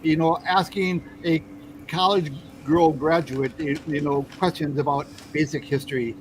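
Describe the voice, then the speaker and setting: A man hosting a podcast interview, talking haltingly with many fillers. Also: a little high, fairly even intonation, noisy background. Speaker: podcast host.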